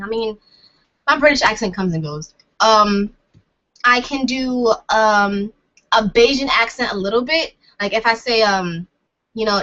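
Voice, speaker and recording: A woman's voice: fairly high pitch, animated, a little slow, bright, forceful tone. A young woman vlogging in a casual chat, rambling and hesitant with many fillers and laughs. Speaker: vlogger answering questions. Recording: dull lo-fi sound.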